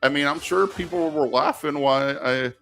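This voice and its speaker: A man's voice: on the high side, moderate pace, a bit bright, soft background music. Rambling man hosting a live Q&A. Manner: rambling, many fillers and restarts. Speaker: live stream host answering viewer questions. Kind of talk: casual live stream Q&A.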